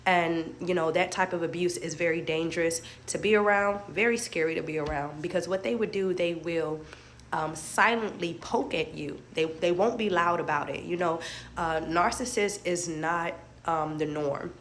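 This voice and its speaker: A woman's voice: lowish voice, normal speed, a bit bright, a little hiss or hum. A woman life coach giving an earnest motivational talk, repeating her points and speaking straight to her viewers.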